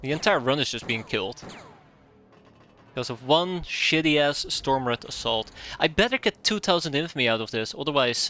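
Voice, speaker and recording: Exasperated male game streamer, bright crisp voice. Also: medium pitch, lively intonation, normal speed. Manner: exasperated, sarcastic running commentary with muttered math. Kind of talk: live gameplay commentary.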